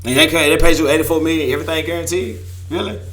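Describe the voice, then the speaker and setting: A man from Memphis, hosting a casual sports talk show, hoarse from losing his voice and trash-talking with bursts of laughter. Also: fairly high pitch, steady tone, fast, fairly bright tone. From Memphis, Tennessee. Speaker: host.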